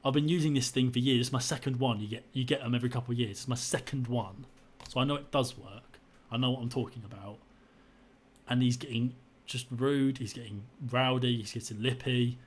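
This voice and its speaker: A man's voice: medium pitch, steady tone, fairly quick, slightly rough. A young man tells his own story in a frustrated, indignant way, often repeating himself. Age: young adult. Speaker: vlogger. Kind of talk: personal story to camera.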